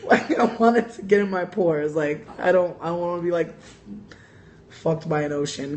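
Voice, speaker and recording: A young woman hosting a casual livestream, telling profane, animated stories full of "like" and laughter while reading viewer comments. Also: on the low side, moderate pace.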